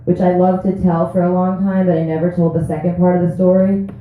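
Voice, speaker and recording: A woman's voice: fairly low pitch, little pitch movement, a little fast. A woman in her thirties doing a profane, brash stand-up set at an open mic. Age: 30s. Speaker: stand-up comic. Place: small comedy club stage. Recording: echoey room on a tinny, phone-like recording.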